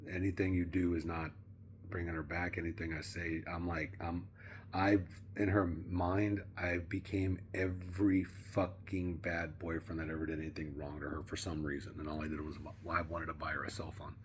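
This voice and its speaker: A man vlogging in a casual, rambling monologue, profane and slangy, sometimes dropping to a hush. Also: low voice, flat delivery, moderate pace, slight background noise.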